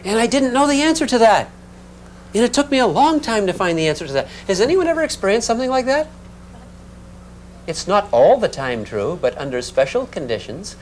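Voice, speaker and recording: Animated man teaching a physics class. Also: very high voice, slight background noise. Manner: lively, conversational, checks in with students. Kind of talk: classroom lecture.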